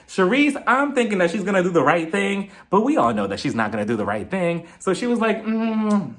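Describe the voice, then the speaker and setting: A man's voice: sits high, a little fast, hardly any pauses. A young man giving a casual, sassy review of a reality TV episode and acting out the cast's lines. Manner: animated, acts out the cast's lines in quotes; chuckles often, playful and sassy. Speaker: reality TV recap vlogger.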